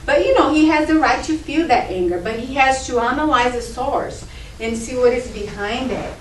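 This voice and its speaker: A middle-aged woman with a high voice gives an informal talk at a group meeting. She is conversational and acts out examples as she explains. The mic sits far off in a reverberant room with faint background ambience. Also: normal speed, slight background noise. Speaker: speaker at a spiritist group. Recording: roomy echo, distant mic.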